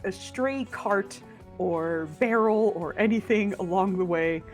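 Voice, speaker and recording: A woman's voice: mid-range voice, slow, faint music behind. A woman playing a tabletop game in casual chat, giggly and laughing often. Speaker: player.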